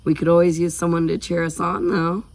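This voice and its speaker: A man playing a kind young woman, gentle, reassuring, raised pitch. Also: monotone, fairly quick, creaky.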